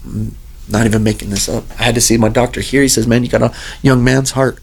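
Earnest man with a gravelly voice. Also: medium pitch, steady tone, quick pace. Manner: earnest, rambling, repeats phrases. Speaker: guest telling a personal story. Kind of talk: casual storytelling.

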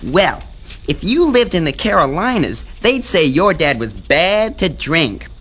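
A woman's voice: sits low, sing-song, unhurried, fairly bright tone, breathy edge, exaggerated voice. A woman playing a talkative know-it-all boy in a radio drama who explains things to his friends. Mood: explaining. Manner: explaining, storytelling.

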